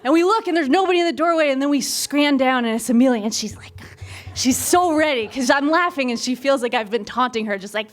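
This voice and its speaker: A young woman telling a comic true story on stage to a live audience, candid and lively, and she acts out the quoted voices. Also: high voice, a little fast.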